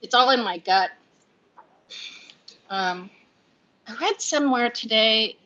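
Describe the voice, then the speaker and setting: Speaking with a sharp tone at a mid-range pitch, this woman in her fifties rambles on her home livestream, confiding and scattered, laughing even as she sounds sad. The sound quality is lo-fi.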